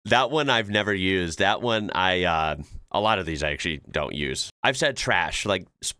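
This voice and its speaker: A man's voice: low-pitched, expressive, normal speed, pushed and bright, clean tone, no echo, clean studio sound. A man hosting a reaction video, chatting casually with lots of fillers and laughs. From United States. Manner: laid-back, chuckles often, explains with many fillers.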